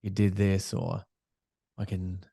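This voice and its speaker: A man hosting a podcast, chatting in a relaxed way and laughing easily. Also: deep voice, takes it slowly, dry recording. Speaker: podcast host. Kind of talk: casual podcast chat.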